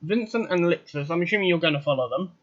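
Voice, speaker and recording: A man's voice: a little high, expressive, fast, a bit bright, muffled recording. A man running a tabletop game as game master, with a firm, matter-of-fact manner. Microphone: online voice chat.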